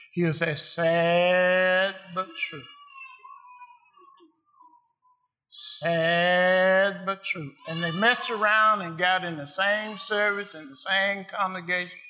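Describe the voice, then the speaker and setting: A man's voice: high voice, fairly even intonation, moderate pace, pushed and bright. A man preaching a sermon to a congregation, emphatic and rhythmic, repeating phrases for effect.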